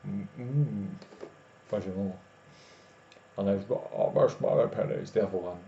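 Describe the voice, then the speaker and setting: Tired guy rambling to his stream chat, mellow voice, echoey dull lo-fi room. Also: on the low side, measured pace. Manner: rambling, self-interrupting, chats with viewers. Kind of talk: casual live-stream chat. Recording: echoey room, dull lo-fi sound, faint noise.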